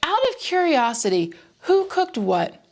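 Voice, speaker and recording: A woman voicing a polite, grateful nun who speaks slowly and graciously, in a church joke. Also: sits high, wildly swooping pitch, voice pushed up, exaggerated voice.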